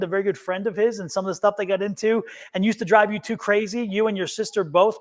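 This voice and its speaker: A high-pitched man reads tarot on a live stream, speaking earnestly and reassuringly. He often stops mid-phrase, repeats himself and starts over. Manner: halting, many restarts and repeated words. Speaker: tarot reader. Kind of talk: live-streamed psychic reading.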